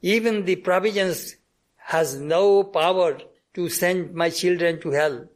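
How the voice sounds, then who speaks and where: Man voicing a loving elderly holy mother, gentle, soothing, reassuring, high voice. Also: measured pace.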